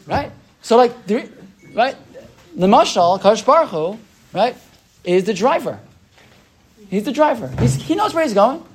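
In a casual Torah class, a male teacher talks loosely and chattily, regularly asking his listeners "right?" and acting out the voices of people in his stories. His voice is extremely high-pitched, with a faint hiss or hum behind it.

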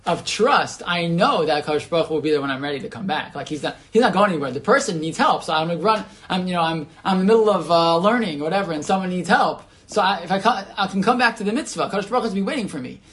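A man's voice: sits high, expressive, fast, hardly any pauses, a bit bright. Male teacher, casual group Torah class, conversational, asks questions, restarts often. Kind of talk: informal Torah class discussion.

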